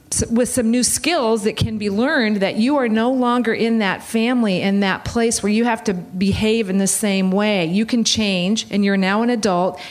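Earnest woman talk show guest. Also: mid-range voice. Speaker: guest on marriage. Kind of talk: advice-giving talk.

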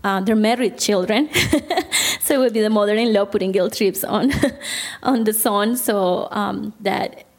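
A woman's voice: medium pitch, steady tone, unhurried, darkish tone. A woman therapist giving a Christian counseling talk to a group, speaking conversationally and often putting questions to her listeners. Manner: conversational, asks the audience questions.

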